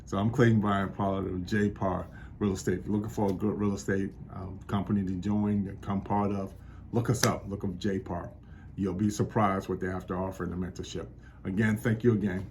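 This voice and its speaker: Man from New York, low voice, motivational vlog pep talk, preacher-like cadence, faint noise in the background. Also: flat delivery, fairly quick, a little mellow. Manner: encouraging, preacher-like exhortation. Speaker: real estate agent vlogger.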